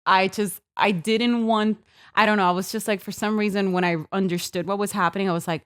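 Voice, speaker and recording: A young woman in her twenties, a podcast guest, telling a story in a lively way and acting out what people said. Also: a little fast, smooth, no echo, studio quality. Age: 20s. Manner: lively, acts out quotes with big pitch jumps. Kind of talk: animated storytelling.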